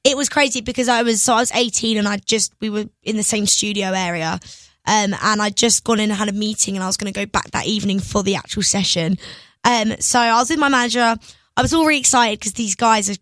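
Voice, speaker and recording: A young woman, a singer, telling stories in an excitable, giggly way as a radio guest. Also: mid-range voice, fast, no room sound. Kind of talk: casual interview chat. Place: radio studio.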